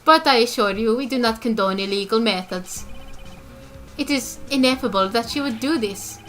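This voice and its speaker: A woman's voice: fairly high pitch, normal speed, a bit bright, soft background music, lightly acted. A woman voicing a pompous, arrogant male corporate chief who talks in grandiose big words, reading game dialogue aloud. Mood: smug. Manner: grandiose, big-word affected speech.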